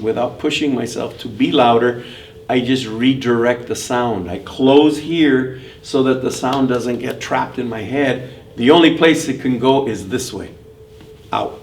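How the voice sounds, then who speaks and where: An older man giving a vocal workshop, demonstrating his technique by switching between nasal and clear tones. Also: mid-range voice. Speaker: mariachi vocal instructor. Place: school room during workshop. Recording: distant mic with faint room noise.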